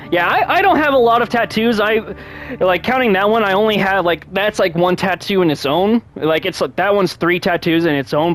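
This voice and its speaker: A man hosting his own channel, chatting casually and one-on-one with viewers. He rambles, restarts his sentences often, laughs a lot and gets animated when telling a story. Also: high-pitched. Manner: rambling, with frequent restarts and self-corrections. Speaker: channel host.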